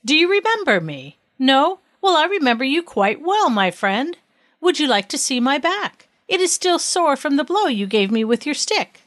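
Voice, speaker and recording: A woman voicing a stern, just king who commands and questions forcefully in a read-aloud story. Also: mid-range voice, sing-song, normal speed, no room sound, clean studio sound.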